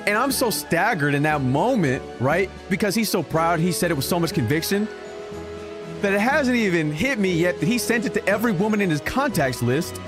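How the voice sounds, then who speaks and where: A young man streaming a game, telling a rambling story in casual chat, often stopping and restarting his sentences and getting more animated as he goes. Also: sits high. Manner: animated, rambling, self-interrupting. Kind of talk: casual storytelling while gaming. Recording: music playing in the background.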